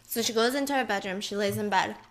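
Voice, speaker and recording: A woman telling a true-crime story in a casual, animated, chatty way, with fillers and asides. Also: medium pitch, fast talker, slight background noise. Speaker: storyteller host.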